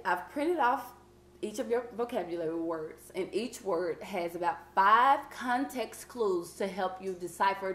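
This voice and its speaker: A woman teacher leading a vocabulary lesson, patient and encouraging, reading clues out slowly. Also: on the low side, roomy sound. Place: classroom.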